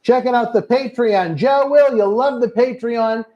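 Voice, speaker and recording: A man with a Boston accent hosts a casual live stream, reading viewer comments aloud and calling everyone brother. His voice sits high but has a dark, mellow tone. The stream audio sounds dull and lo-fi. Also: unhurried. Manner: reads out viewer comments, calls people brother. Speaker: host of a wrestling watch-along stream.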